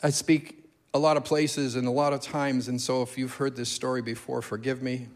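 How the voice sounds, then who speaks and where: A man preaching a sermon as a guest speaker, telling stories in an animated way and repeating key phrases for emphasis. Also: mid-range voice, normal speed. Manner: animated storytelling, emphatic repetition.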